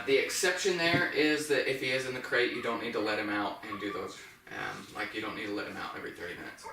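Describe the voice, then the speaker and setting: A man working as a dog trainer, calmly explaining each step while giving brisk commands to a dog. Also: mid-range voice. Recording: echoey room, mic at a distance, noisy.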